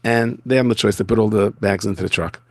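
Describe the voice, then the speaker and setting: A man, a rabbi, giving a storytelling lecture from his office in a school, telling stories in an animated way. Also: on the low side, fast talker, dry recording. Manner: animated storyteller who acts out the people he quotes.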